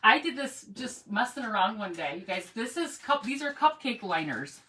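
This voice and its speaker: A woman's voice: on the high side, big pitch swings, moderate pace, pushed and bright. A woman hosting a casual craft livestream, chatting rambly and greeting viewers by name as she works. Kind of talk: casual chat while crafting.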